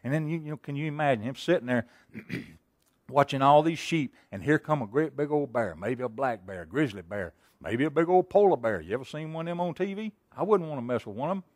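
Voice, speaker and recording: A man preaching in a folksy, storytelling way, full of rhetorical questions. His voice sits at an ordinary middle pitch and rises loud, then drops to near a murmur. The sound is dry and close. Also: lively intonation, brisk, no echo. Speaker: pastor. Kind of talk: sermon.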